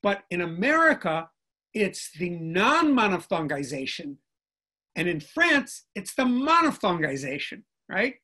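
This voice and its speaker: Lecturing as a guest over a video call, the older linguistics professor uses a high, sing-song voice that is bright, forceful and a little slow. His professorial explanation unfolds step by step, with frequent check-ins with listeners.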